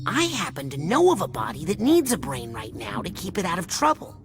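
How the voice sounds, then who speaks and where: A woman's voice: medium pitch, wildly swooping pitch, brisk. A woman voicing a curious, earnest young boy psychic who asks questions and makes quips. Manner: inquisitive, quippy. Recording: game music playing behind.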